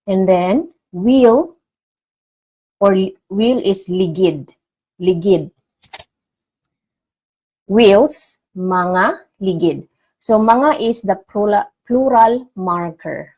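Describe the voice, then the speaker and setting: A woman teaching vocabulary in a casual online lesson, repeating each word clearly for learners. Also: mid-range voice, slow pace, darkish tone, low-quality recording. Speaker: language teacher.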